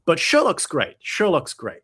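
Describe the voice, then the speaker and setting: Animated man chatting about a novel series. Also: a little high, a little slow, breathy edge. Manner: animated, acts out quoted characters, frequent restarts. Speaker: podcast host. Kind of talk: casual chat.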